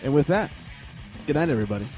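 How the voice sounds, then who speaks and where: A man's voice: fairly high pitch, lively intonation, rapid-fire, over loud music. A man hosting a sports comedy podcast, chatting loosely and joking through plugs with lots of filler words. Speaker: podcast host. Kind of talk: casual sports comedy chat.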